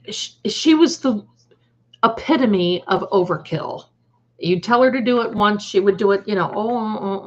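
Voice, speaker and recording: Slow-talking woman live-stream host. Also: mid-range voice. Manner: chatty, addresses viewers with endearments. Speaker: tarot reader hosting a live stream. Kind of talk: casual live-stream storytelling. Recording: dull lo-fi stream audio.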